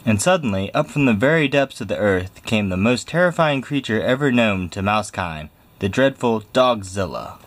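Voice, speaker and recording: A man reading a picture book aloud in a lively, expressive way. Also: lowish voice, moderate pace, hardly any pauses. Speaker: storybook reader.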